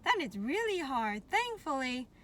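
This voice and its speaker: A woman vlogging casually to her viewers, chatty and animated, laughing often and a little out of breath. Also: high-pitched, unhurried. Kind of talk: casual talk to camera.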